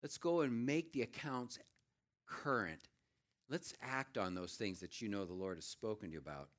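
A middle-aged man preaching a sermon as pastor, swinging from raised, emphatic lines to low, quiet asides.

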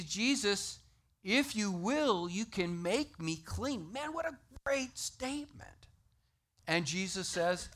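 Animated, bright-voiced male preacher. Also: sits high. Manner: animated, emphatic preaching with scripture references. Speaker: pastor. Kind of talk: sermon.

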